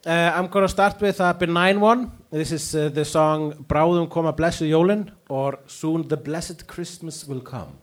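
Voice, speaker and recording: A man with an Icelandic accent, chatting casually on a podcast, hesitant with many pauses and fillers. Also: fairly high pitch. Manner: unhurried, hesitant with many uhs. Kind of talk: casual chat.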